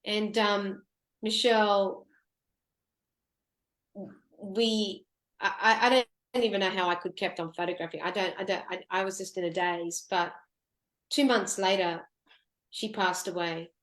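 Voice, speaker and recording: A woman guest on a radio talk show telling an emotional personal story, often halting and restarting. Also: mid-range voice, fairly even intonation, fairly bright tone, echoey room. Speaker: guest, photographer.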